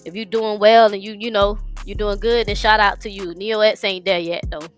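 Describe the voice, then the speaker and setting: A woman's voice: mid-range voice, fairly even intonation, moderate pace, clear, resonant tone, faint music behind. A woman streamer venting through tears, swearing heavily, speaking. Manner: crying, swearing, raw. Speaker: live streamer. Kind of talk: emotional livestream rant.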